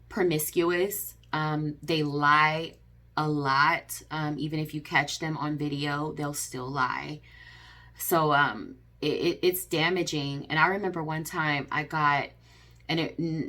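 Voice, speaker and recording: A woman's voice: sits low, pushed and bright. A woman talking to camera in an earnest, repetitive way, with many fillers and restarts. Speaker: vlogger. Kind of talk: personal advice vlog.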